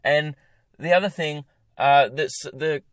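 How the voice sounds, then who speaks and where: A man's voice: a little high, slow, no echo. Ranting young Australian man, dry sound. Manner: exasperated, ranting, self-mocking. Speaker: comedian podcast host. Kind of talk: rambling solo podcast rant. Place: parked car.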